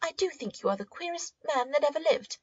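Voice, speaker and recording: A woman's voice: high-pitched, expressive, a little fast, no room sound, pitched above the performer's own voice. A woman voicing a vain, easily flustered young girl who protests eagerly in a storybook reading. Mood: nettled. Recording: dull, muffled audio.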